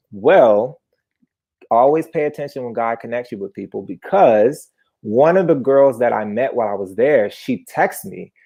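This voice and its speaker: Telling a personal story live, this man in his twenties is chatty and animated, his voice showing vocal fry and jumping into sudden high-pitched bursts.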